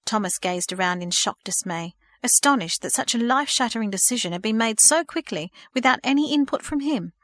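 A woman narrating a novel in a steady, measured audiobook reading. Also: a little high, no echo, clean studio sound.

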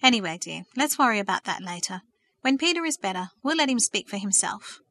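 A woman reading aloud and voicing a devout middle-aged mother who speaks slowly and cautiously. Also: mid-range voice, animated, pushed and bright. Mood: measured. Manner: slow, cautious, hesitant.

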